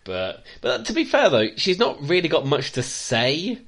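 A man's voice: fairly high pitch, huge pitch swings, moderate pace, fairly bright tone. A man co-hosting a casual film podcast, sardonic and prone to acting out scenes in silly voices. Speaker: podcast co-host. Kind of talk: casual film review chat.

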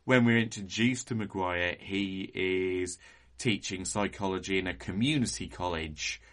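A man co-hosting a podcast, discussing a film in a measured, analytical way with frequent hedging fillers. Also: deep voice, fairly bright tone. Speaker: podcast co-host.

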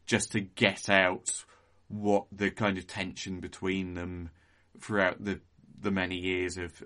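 A man co-hosts a casual film-discussion podcast, talking in a measured, analytical way. He fills his pauses with "um" and "kind of". His voice sits a little low but comes across bright and forceful. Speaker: podcast co-host.

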